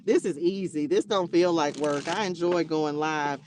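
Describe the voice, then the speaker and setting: A woman's voice: low-pitched, moderate pace, darkish tone, slight background noise. A woman in her forties, a nurse hosting a casual livestream, telling stories and talking straight to her viewers. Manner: chatty storyteller who keeps addressing viewers directly.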